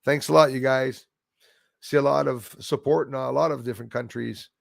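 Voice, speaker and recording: This Canadian man runs a casual livestream, bluntly rambling through the chat and greeting viewers by name. His gravelly, mid-range voice holds a steady tone at a moderate pace, recorded clean in a studio without room sound.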